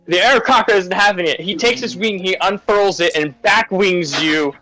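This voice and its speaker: A man's voice: high-pitched, moderate pace, sharp tone, soft background music, low-quality recording. A man narrating as dungeon master in a tabletop game, in a loose and chatty way.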